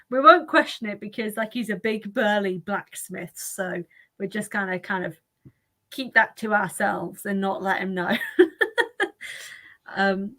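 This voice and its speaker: A woman's voice: medium pitch, slow, long pauses, bright, forceful tone. A woman hosting a casual livestream chat, rambling and laughing often. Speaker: livestream host.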